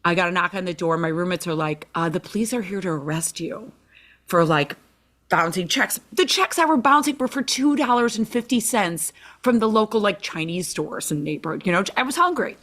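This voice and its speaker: A woman with a Chicago accent, a guest in an interview, telling stories in an animated way and acting out quoted dialogue with a lot of "like". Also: mid-range voice, fairly quick. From Chicago, USA. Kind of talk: conversational storytelling.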